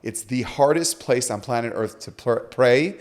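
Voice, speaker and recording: Brief: man, mid-pitched, a rabbi telling stories on a podcast, animated, slips into quoted voices. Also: normal speed. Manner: lively storyteller, acts out quoted voices. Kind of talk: animated storytelling in conversation.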